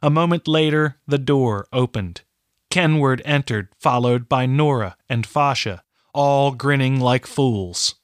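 Slow, deliberate male storyteller. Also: medium pitch, no echo, clean studio sound. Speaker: audiobook narrator. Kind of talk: scripted narration.

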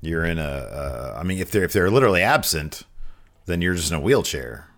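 A man co-hosting a casual live show, a podcast, reads viewer chat questions aloud and laughs often. His low-pitched voice is animated, brisk and a bit bright.

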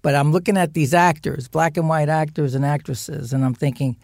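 A man in his sixties from New Jersey, a guest telling animated stories in a podcast interview and acting out family members' voices. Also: a little high, moderate pace, vocal fry, few pauses, no room sound, clean studio sound. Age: 60s. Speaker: guest actor.

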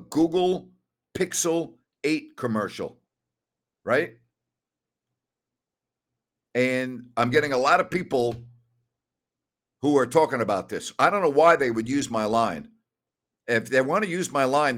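A man's voice: medium pitch, a bit bright. Emphatic older man hosting sports talk. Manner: emphatic, rhetorical questions, ranting. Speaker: sports radio host. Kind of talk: solo sports talk, reading listener questions.

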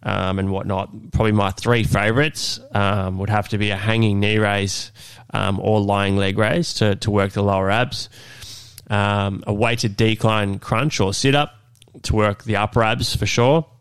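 A congested man with a nasal voice talks through his podcast, loose and unhurried, full of fillers and restarts. His low voice stays fairly flat, smooth and clear on a close, dry mic. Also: no echo. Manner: relaxed, many fillers and restarts. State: unwell, congested. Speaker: fitness podcast host. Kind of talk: solo podcast talk.

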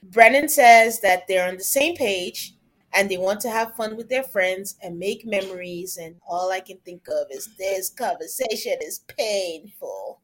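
A woman's voice: medium pitch, normal speed. A woman co-hosting a podcast, chatting casually and animatedly about a reality show and quoting the cast in playful voices. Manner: chatty, quotes people in put-on voices. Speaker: podcast co-host. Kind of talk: casual recap chat.

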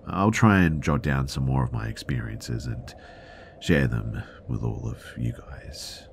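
Very deep-voiced male horror narrator. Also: measured pace, gravelly, background noise. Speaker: podcast narrator. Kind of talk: scripted horror story narration.

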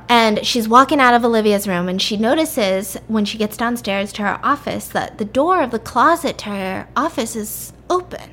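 A woman's voice: on the high side, expressive, normal speed, hardly any pauses, fairly bright tone. A young adult woman chattily recapping a story and leaning on "like" as she goes. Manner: chatty, uses "like" often.

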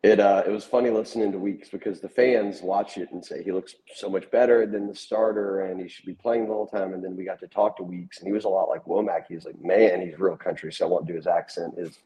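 Deep, mellow-voiced man talking sports. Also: steady tone, fast, few pauses, low-quality recording. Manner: conversational storyteller, retelling player quotes. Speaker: sports podcast co-host. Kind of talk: casual sports chat.

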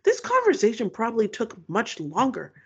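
A woman's voice: on the high side, huge pitch swings, moderate pace, breathy edge. A woman co-hosting a casual podcast, sounding exasperated and trailing off as she reacts to a scene. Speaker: podcast co-host. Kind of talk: casual recap chat. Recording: dull, muffled sound.

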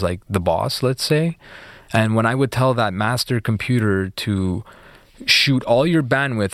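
Low-voiced man telling his story. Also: no room sound, clean studio sound. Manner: relaxed, filler-heavy retelling with acted quotes. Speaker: interview guest. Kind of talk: casual storytelling.

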